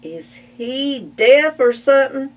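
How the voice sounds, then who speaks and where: A woman's voice: high voice, animated, takes it slowly, voice pushed up. A woman doing wry, mocking farm animals. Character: two sarcastic farm animals.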